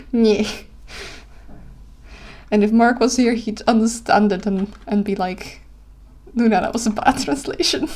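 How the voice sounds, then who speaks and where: A young Dutch woman with a Dutch accent, streaming live. She sounds tired, giggles often, and keeps correcting herself and apologizing as she chats casually. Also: medium pitch. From Netherlands.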